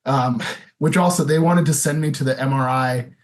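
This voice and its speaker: A man's voice: mid-range voice, moderate pace. A man in his thirties telling his own story as a podcast guest, candid and loose, full of "you know" and "like". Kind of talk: casual interview storytelling.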